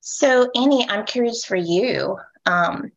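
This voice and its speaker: A woman moderating a panel discussion, speaking softly with a lilt that rises at the end of her sentences and checking in often with "right?". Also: mid-range voice, slow pace, creaky, highs cut off. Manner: soft voice with rising lilt at sentence ends; frequent "um" and "right?" check-ins.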